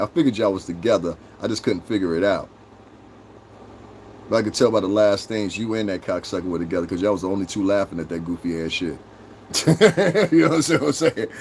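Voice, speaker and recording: A man's voice: fairly low pitch, a little mellow, slight background noise. A middle-aged man hosting a live stream, ranting and mocking chat viewers in a confrontational, profane way. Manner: confrontational, mocking, swears constantly. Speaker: livestream host.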